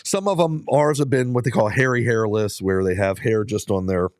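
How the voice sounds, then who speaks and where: A man's voice: fairly low pitch, normal speed, darkish tone, no echo, clean studio sound. A middle-aged man, a dog musher, chatting casually to his viewers and telling rambling stories full of fillers and restarts. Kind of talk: casual talk to viewers while out on a ride.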